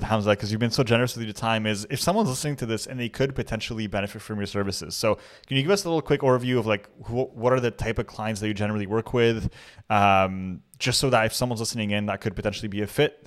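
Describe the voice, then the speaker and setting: A man hosting a podcast, talking in an energetic, emphatic way with lots of "like" fillers. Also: on the low side, fast talker. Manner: energetic and emphatic, heavy use of "like". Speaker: podcast host. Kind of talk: casual podcast interview.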